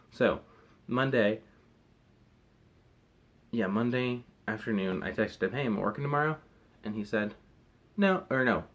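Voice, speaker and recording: A man's voice: lowish voice, fairly bright tone. A young man chatting casually to camera in a rambling, hesitant way, full of fillers and restarts. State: recovering from wisdom teeth removal. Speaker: vlogger.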